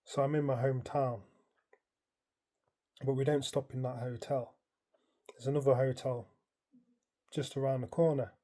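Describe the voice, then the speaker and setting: A man's voice: medium pitch, moderate pace, pauses often. A man casually recounting a dream in the present tense. He rambles, filling his story with "like" and "um". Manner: rambling, animated retelling full of "like" and "um". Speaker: dream vlogger.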